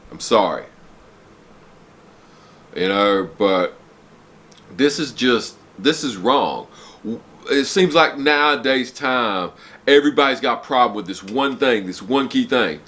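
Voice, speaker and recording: A forty-something man vlogging from a room in his house, preaching hard truths in a blunt, profane rant. His voice is tense and forceful, and he keeps stopping to apologize before he gets worked up again. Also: mid-range voice, expressive, slow, long pauses. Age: 40s. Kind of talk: blunt unscripted rant to camera. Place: home, downstairs room.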